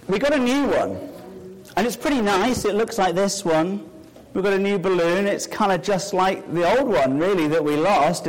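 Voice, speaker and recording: A pastor preaches a sermon with a live object lesson in a church sanctuary with a balcony, staying playful and chatty with the children and the congregation. His voice is male and high-pitched, captured in a low-quality recording.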